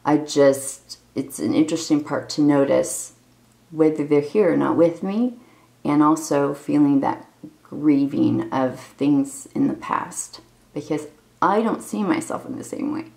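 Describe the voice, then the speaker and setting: A woman's voice: low voice, unhurried, creaky, darkish tone, poor audio. A woman in her forties talking in an unscripted personal video diary, candid, emotional and rambling as she opens up. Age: 40s. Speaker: vlogger.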